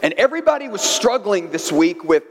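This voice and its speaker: A male priest preaches a Sunday homily in a bright, high-pitched voice that swoops and rises with each point. He leans on stories and repeats phrases for emphasis. A long church reverb hangs behind him. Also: big pitch swings, a little fast. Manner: storytelling, emphatic repetition.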